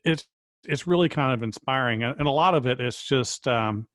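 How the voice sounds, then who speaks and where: A man hosting a casual interview, asking questions in a halting way and repeating words as he thinks. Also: mid-range voice, a bit bright, no echo, studio quality. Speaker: interviewer host.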